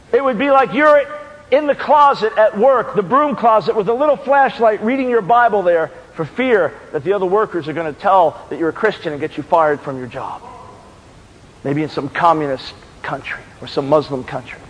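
A preacher from New York delivering an impassioned sermon that builds to shouted questions. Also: male voice, sits high. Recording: long hall reverb.

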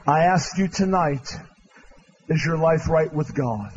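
High-voiced impassioned male preacher. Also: slow pace, lo-fi sound, slight background noise. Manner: impassioned, swinging from loud proclaiming to hushed pleading. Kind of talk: revival altar-call sermon. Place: large church with balcony.

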